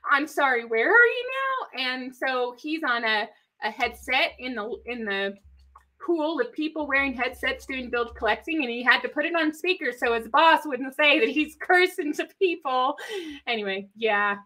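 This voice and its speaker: A woman's voice: sits high, moderate pace, bright, forceful tone. A woman from East Texas with an East Texas accent, co-hosting a genealogy live stream in a chatty, rambling way, often laughing. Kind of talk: casual live-stream chat.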